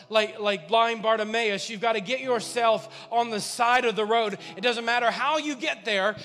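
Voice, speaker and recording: A man pastor preaching a sermon, impassioned and repetitive, building up to shouting. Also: very high voice. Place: large church sanctuary. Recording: long church reverb, faint music.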